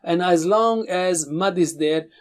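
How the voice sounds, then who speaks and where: A man gives a Tajweed lesson, speaking in a fairly high voice. He stretches each syllable and says it with emphasis, then has the listener repeat after him. His explanations in between come at an even, instructive pace. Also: slow, clean tone. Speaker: Quran recitation teacher.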